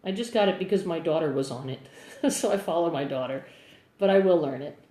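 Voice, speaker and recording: A woman's voice: low-pitched, a little fast, mellow. A middle-aged woman with a New Jersey accent, chatting casually as she answers viewers on a phone live stream. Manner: chatty, rambling, upbeat. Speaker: singer-songwriter live-streaming. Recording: roomy echo on a phone mic.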